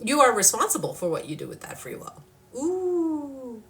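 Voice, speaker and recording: A woman's voice: on the low side, sing-song, fast, vocal fry, a bit bright. A woman giving card-reading spiritual guidance live, emphatic and outspoken, leading affirmations and swearing freely. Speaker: spiritual channel and card reader.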